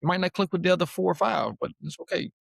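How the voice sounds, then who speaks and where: A man hosting an interview, supportive and conversational, with halting restarts. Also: sits high, lively intonation, creaky, fairly bright tone, breathy edge, no echo, studio quality. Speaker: interview host.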